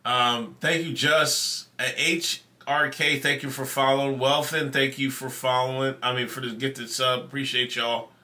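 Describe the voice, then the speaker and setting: With a medium-pitched, sharp-toned voice, this host speaks a little slowly, with fairly even intonation and hardly any pauses. He's casually telling a profane story to the people in his stream chat.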